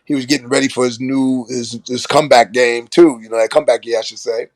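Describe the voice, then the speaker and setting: An older man from Brooklyn, a former basketball player and coach, tells stories in a relaxed interview. He acts out the voices of the people in his stories and laughs often. His voice sits at an ordinary middle pitch and sounds close and dry, with no room echo. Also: quick pace. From Brooklyn, New York. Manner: animated storyteller who acts out quoted lines and laughs often. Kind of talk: casual interview storytelling.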